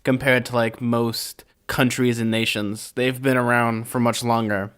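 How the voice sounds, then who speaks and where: A man's voice: medium pitch, level tone, unhurried, fairly bright tone, smooth. A young man from California co-hosting a casual podcast, rambling and easygoing with lots of filler words. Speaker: podcast co-host. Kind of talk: casual chat.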